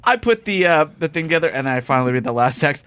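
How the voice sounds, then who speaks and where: A man's voice: on the high side, lively intonation, quick pace, fairly bright tone, smooth, no room sound. Laughing man telling a story. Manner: rambling anecdotal, laughs a lot. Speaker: podcast host. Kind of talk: casual chat, storytelling.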